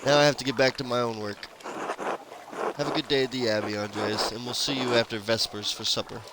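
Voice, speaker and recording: A man reading the lines of a kindly, motherly village woman in a gentle, encouraging tone, with a noisy background. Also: medium pitch, steady tone, brisk, lightly acted.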